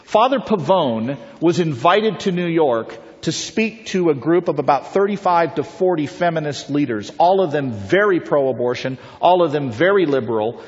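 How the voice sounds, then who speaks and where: Man giving a persuasive talk in a reverberant hall. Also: fairly high pitch. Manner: rhetorical, storytelling, puts questions to the audience. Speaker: pro-life speaker. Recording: reverberant, dull lo-fi hall recording.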